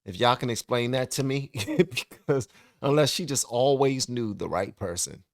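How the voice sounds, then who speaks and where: A man's voice: medium pitch, normal speed, dry recording, clean studio sound. A man hosting a reaction video, chatting casually to viewers with laughter and asides.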